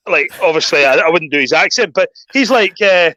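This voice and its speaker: A Scottish man telling stories in a casual chat, getting animated and raising his voice when he rants. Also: sits high, a little fast, no room sound. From Scotland. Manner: animated storyteller, voice jumps up when ranting. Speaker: guest.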